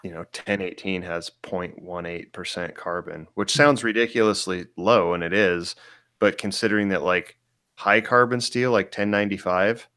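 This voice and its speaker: A man's voice: low-pitched, steady tone, moderate pace, pushed and bright, no echo, clean studio sound. A man co-hosting a casual podcast, explaining technical details with many fillers and restarts. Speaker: blacksmith co-host.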